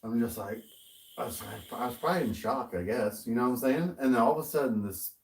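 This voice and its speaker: A man's voice: medium pitch, quick pace, far from the mic, a little hiss or hum, low-quality recording. A man co-hosting a podcast, telling a story in casual chat, swearing often and laughing as he goes. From American. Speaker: podcast co-host.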